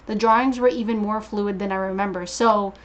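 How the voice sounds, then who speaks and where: A woman's voice: mid-range voice, fairly even intonation, a little fast. A woman in a casual group chat, reading out comments and talking with lots of fillers. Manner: chatty, filler-heavy. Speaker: reader in discussion panel.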